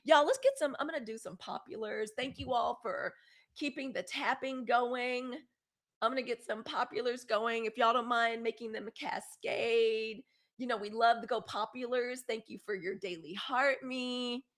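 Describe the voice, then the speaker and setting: A fifty-something woman with a Mississippi Southern accent hosts a casual live news stream. Her voice sits a little high, and she chats in an animated way straight to her viewers. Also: normal speed. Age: 50s. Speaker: live news show host.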